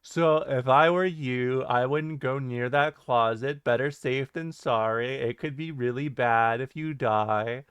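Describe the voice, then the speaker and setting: A man doing an impression of a calm narrator who delivers horrific warnings slowly and matter-of-factly, in a smooth voice. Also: medium pitch, no echo, lightly acted. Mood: reassuring. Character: impression of a calm, soft-spoken male narrator giving grim warnings.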